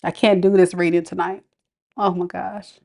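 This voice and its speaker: A woman's voice: on the low side, little pitch movement, normal speed, vocal fry, mellow. A woman giving a casual tarot reading to her viewers. She talks to them directly in a chatty, playful way and often laughs at her own jokes. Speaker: tarot reader.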